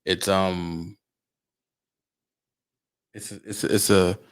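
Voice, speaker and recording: A man's voice: sits low, big pitch swings, slow pace, creaky, pauses often. A man hosting a casual conversation, laid-back, with short prompts and murmured reactions.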